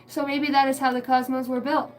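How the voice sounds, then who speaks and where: A woman's voice: sits high, level tone, fairly quick, faint music behind, poor audio. A woman rambling crudely on her live stream, swearing often and laughing as she talks. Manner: crude, giggly, swears a lot. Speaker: livestream host.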